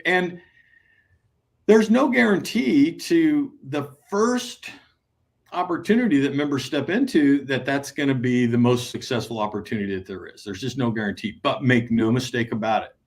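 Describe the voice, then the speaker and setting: A man co-hosting an advice podcast, talking in an animated way, acting out imagined conversations and checking in with "right?". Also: medium pitch. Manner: peppers sentences with "right?". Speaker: podcast co-host and transition advisor.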